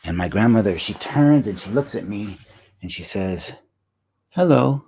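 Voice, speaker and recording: A man in his sixties shares a personal memory in a slow, reflective way, often pausing and starting over. His voice sits low and has a husky edge. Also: animated, darkish tone. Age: 60s. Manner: reflective, unhurried, with frequent fillers and restarts. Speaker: singer-songwriter hosting a livestream. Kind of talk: personal storytelling.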